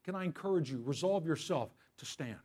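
A man preaching a sermon as pastor. He asks the congregation questions, slows down on key phrases and swings from loud emphasis to hushed whispers. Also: fairly high pitch, animated.

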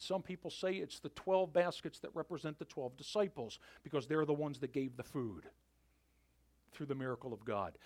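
A male pastor preaching a sermon with animated storytelling, sometimes dropping to a near-whisper for emphasis. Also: on the high side.

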